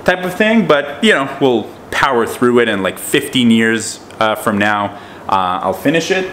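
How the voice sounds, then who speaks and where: A man's voice: mid-range voice, sing-song, normal speed, fairly bright tone, slight background noise. A man from Israel with an American accent, chatting casually as host of a TV talk channel, rambling with lots of fillers. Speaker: TV show host. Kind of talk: casual chat.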